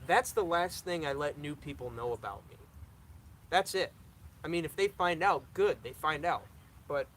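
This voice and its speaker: A man's voice: on the high side, fairly bright tone, slight background noise, rough recording. A young man hosting a live stream, reading viewer questions aloud and answering them in a casual, repetitive way that stutters now and then. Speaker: lawn care channel host.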